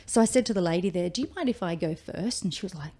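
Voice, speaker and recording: A woman in her forties with an Australian accent, a firefighter, tells her story in a casual interview, chatting freely and acting out quoted speech. Her lowish voice is animated, fast, warm and husky.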